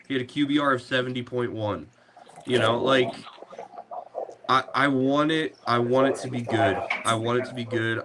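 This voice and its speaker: A man's voice: mid-range voice, noisy background. A man hosting a casual sports podcast, talking in a rambling way with many fillers and restarts. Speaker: podcast host.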